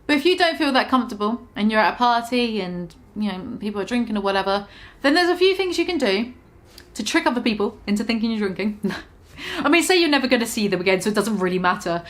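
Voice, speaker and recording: A woman's voice: a little high, big pitch swings, fast talker. Brief: young British woman, casual vlogger, frank, chatty, swears freely, self-deprecating. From Britain. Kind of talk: casual confessional vlog.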